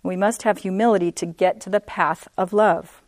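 A woman teaching a women's Bible study, earnest, repeating points for emphasis and reading scripture slowly. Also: mid-range voice, steady tone, dry recording.

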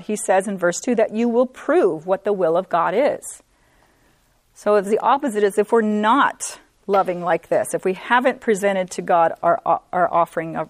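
Woman teaching bible study to ladies, earnest and steady, dry room. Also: medium pitch, no room sound. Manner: earnest, repeats for emphasis, reads scripture slowly.

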